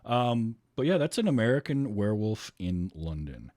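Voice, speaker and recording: A man's voice: on the low side, sing-song, moderate pace, a little mellow, dry recording, studio quality. A man hosting a podcast, chatting casually about a film with friends, laughing often and tossing in sarcastic asides. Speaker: podcast host. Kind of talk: casual chat.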